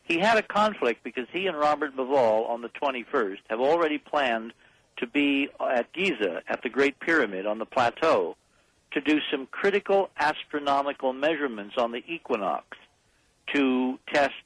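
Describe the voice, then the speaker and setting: A man's voice: medium pitch, lively intonation, moderate pace, a bit bright, no echo, rough recording. Insistent, emphatic man on talk radio. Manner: emphatic, insistent, rallying listeners. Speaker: radio talk show guest. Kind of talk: impassioned radio call-in talk.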